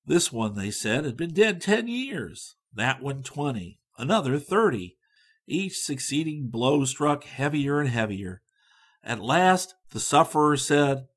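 A man narrating a storybook in an expressive, varied reading. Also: medium pitch.

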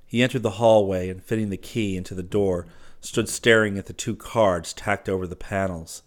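A man narrating an audiobook in a measured, quiet storytelling manner. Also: low-pitched, steady tone. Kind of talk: scripted narration.

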